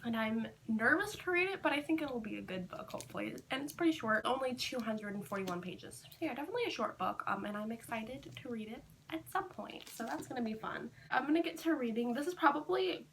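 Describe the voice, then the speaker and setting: A woman book vlogger talking casually to the camera, rambling with lots of fillers and gushing excitedly. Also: a little high, fairly quick, vocal fry, hardly any pauses, slight background noise. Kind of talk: casual chatty vlog.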